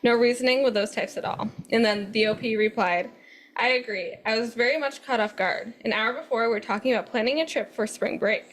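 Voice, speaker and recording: A woman co-hosting a podcast, reading forum posts aloud with an animated, laughing manner. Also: on the high side, brisk, a little hiss or hum. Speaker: co-host.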